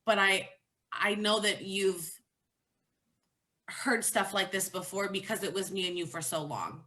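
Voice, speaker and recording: A woman's voice: mid-range voice, unhurried, long pauses, sharp tone. A pregnant woman talking candidly and from the heart as the featured guest in a casual chat about motherhood.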